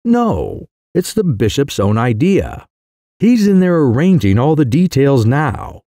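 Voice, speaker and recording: A man voicing a sly young mischief-maker who delivers outrageous news in a calm, careless, mock-serious way. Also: mid-range voice, measured pace, no room sound, studio quality. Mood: cool, mock-grave.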